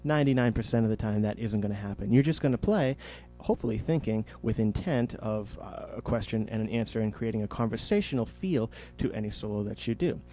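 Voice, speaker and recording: A man's voice: on the low side, lively intonation, fast, slight background noise. Patient male jazz teacher, lo-fi podcast. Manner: patient, explanatory, demonstrates questions with rising inflection. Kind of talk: podcast audio lesson.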